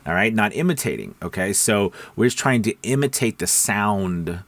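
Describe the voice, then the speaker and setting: A man with a lowish voice gives a relaxed teaching talk to voice actors. He talks in loose, repetitive phrases, checking in with "okay" and "right". The sound is dry and close, with no room echo. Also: moderate pace. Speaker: voice-over coach. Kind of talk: casual teaching talk to camera.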